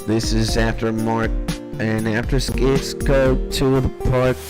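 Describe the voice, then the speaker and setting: A young man livestreaming from his dark bedroom, chatting casually and profanely in a rambling, jokey way as he reviews listeners' beats. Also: mid-range voice, flat delivery, takes it slowly, rough recording. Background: faint music.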